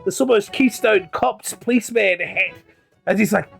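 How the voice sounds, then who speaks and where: A man's voice: high voice, moderate pace, gravelly, slightly rough, soft background music. A man narrating a tabletop game as game master, hesitant, with many ums and restarts.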